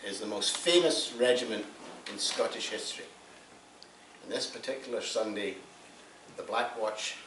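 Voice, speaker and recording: A man telling a long joke at a party in an animated storytelling manner, recorded from a distance in a roomy space with faint noise behind him. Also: fairly low pitch.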